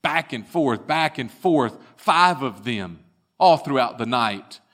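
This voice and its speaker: A man preaching a sermon, retelling scripture with dramatic swings between raised and hushed delivery. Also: mid-range voice, animated, slow pace. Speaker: pastor.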